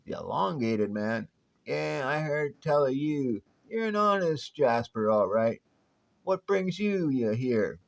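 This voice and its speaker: A man voicing a grizzled old male desert prospector with a slow, folksy drawl, on a dull lo-fi recording. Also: a little high, lively intonation, a little mellow.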